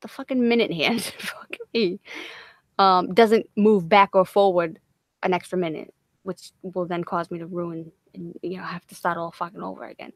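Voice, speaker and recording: A woman's voice: fairly low pitch, fairly even intonation, normal speed, dry recording, studio quality. A woman hosting a late-night livestream, tired and loopy, swearing freely, laughing often and rambling in casual chat. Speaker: livestream host.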